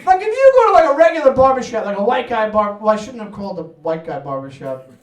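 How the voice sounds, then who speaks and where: High-voiced, profane New comic. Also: male voice, fast talker, muffled recording. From United States. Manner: energetic, profane, loud punchy outbursts. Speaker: stand-up comedian. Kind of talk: stand-up comedy set. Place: New York apartment with live audience. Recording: echoey room, mic at distance, audience laughter.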